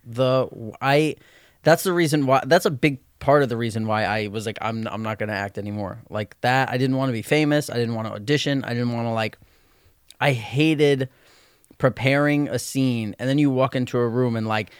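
A man's voice: medium pitch, normal speed, clean tone, no room sound, clean studio sound. A man in casual chat, rambling and restarting his sentences, laughing easily. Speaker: actor, podcast guest.

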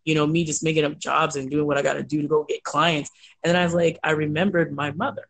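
A woman telling stories in a chatty, animated way as an interview guest. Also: sits low, gravelly. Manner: chatty, animated, quick asides. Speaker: guest, entrepreneur. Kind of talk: casual storytelling.

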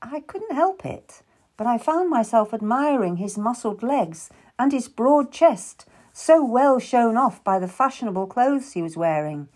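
Slow, melodic woman narrating a tale. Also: a little high, very animated, darkish tone. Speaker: audiobook narrator. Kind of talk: first-person scripted narration.

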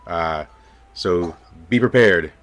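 A man voicing a commanding male guard captain who barks orders loudly. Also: low voice, slow.

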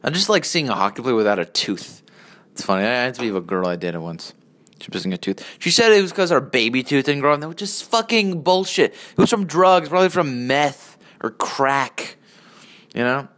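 A young man in his early twenties rambles through a solo vlog. His speech is profane and meandering, and he keeps cutting himself off mid-thought. His voice sits at an ordinary male pitch but moves up and down a lot. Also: fairly bright tone. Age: early 20s. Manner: profane, meandering, self-interrupting. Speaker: vlogger.

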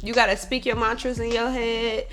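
A woman who works as a bartender, telling a story in a blunt, profane, animated way, swinging between loud venting and calm reflection. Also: a little high, normal speed, faint music behind. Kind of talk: casual storytelling monologue.

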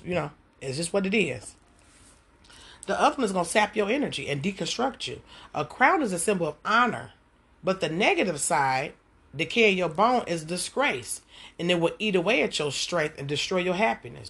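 Brief: woman, husky voice, relaxed home Bible-study podcast, lively and chatty delivery. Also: on the low side. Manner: animated, conversational, talks to listeners directly. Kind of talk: casual devotional teaching.

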